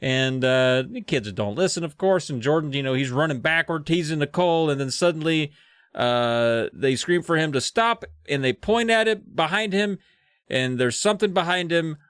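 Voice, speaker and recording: A man's voice: on the high side, animated, moderate pace, fairly bright tone, smooth, dry recording, studio quality. A man co-hosting a podcast, casually retelling a story's plot and acting out its characters. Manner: storytelling narration, bursts into acted quotes. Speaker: podcast co-host. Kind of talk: casual comedic book recap.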